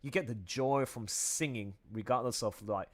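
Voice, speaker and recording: A man's voice: medium pitch, normal speed. A man who draws comics, chatting casually on a livestream in a playful way, laughing often and breaking into song. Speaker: comic artist streaming his work.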